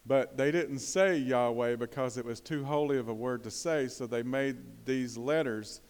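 A man preaches a sermon, talking easily and putting questions to his congregation. His voice sits at an everyday middle pitch. It rings with a long hall reverb, as from a church sanctuary. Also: unhurried, few pauses, a little mellow. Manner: conversational, asks the congregation questions, bursts of emphasis. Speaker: pastor.

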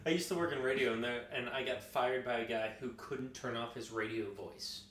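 Bright-sounding guy telling a story, kinda echoey room. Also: medium pitch, brisk, a little hiss or hum. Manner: animated anecdote telling, acts out quotes. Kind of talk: casual storytelling.

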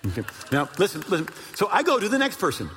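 An older man preaching a sermon as a pastor, telling a story with animated delivery and bursts of shouting. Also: sits high, fast, slight background noise. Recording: long hall reverb.

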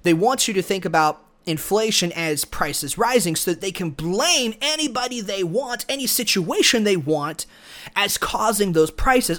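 A man's voice: high-pitched, big pitch swings, normal speed, fairly bright tone. A man hosting a solo podcast, giving opinionated, argumentative commentary straight to the listener. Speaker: podcast host.

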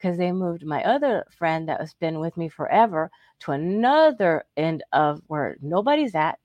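Low-voiced woman telling a candid story. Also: moderate pace, no room sound, dull audio. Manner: chatty and animated, acting out what others said. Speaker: co-host.

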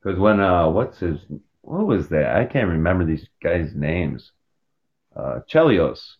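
A man's voice: low-pitched, measured pace. A man co-hosting a podcast in casual chat, rambling from topic to topic and joking around. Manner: rambling, jokey, animated, meandering. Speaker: podcast co-host. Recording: dull lo-fi podcast audio.

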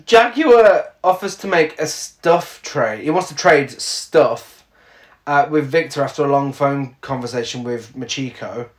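A man's voice: mid-range voice, a little slow. A man co-hosting a casual chat show, recapping a film with lots of laughter and mocking asides. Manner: animated, laughs often, mocking quotes. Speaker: podcast co-host. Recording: echoey room.

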